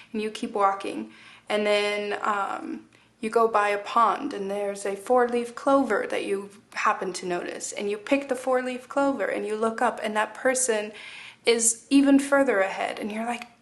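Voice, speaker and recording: Woman doing a chatty tarot reading, um-ing and restarting a lot, mid pitch. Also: fairly even intonation, a little slow. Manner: rambling, many fillers and restarts. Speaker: tarot reader. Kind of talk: casual spoken tarot reading.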